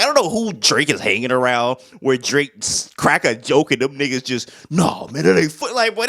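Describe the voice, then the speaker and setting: A young man talks through an album in a loose, casual way, full of slang. His voice sits a bit high for a man and swings widely up and down. He keeps breaking into hummed beats and imitations of rappers. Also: pushed and bright. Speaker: music reviewer.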